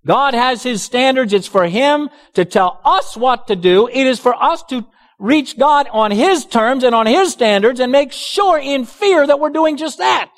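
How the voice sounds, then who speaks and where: Preacher guy, really high voice, pitch all over the place, sarcastic asides. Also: animated, measured pace, in a large hall. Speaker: pastor. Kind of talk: sermon.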